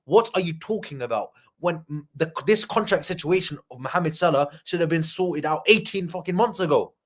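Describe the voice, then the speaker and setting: Blunt fan panelist, slightly raised voice, angry and sweary. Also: male voice, on the high side, a little fast. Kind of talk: heated podcast rant.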